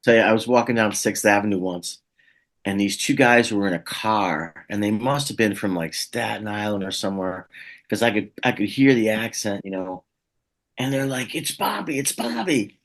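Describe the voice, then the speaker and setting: A middle-aged man, a guest telling animated anecdotes in a casual interview. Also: fairly low pitch, normal speed. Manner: animated anecdotes, acts out voices.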